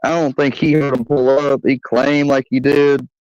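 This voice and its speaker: In a dry, slightly dull home recording with no echo, a young channel host rambles through a lengthy, foul-mouthed story packed with filler words and quotes he acts out. He speaks at a medium pitch and normal speed, flat and a little mellow.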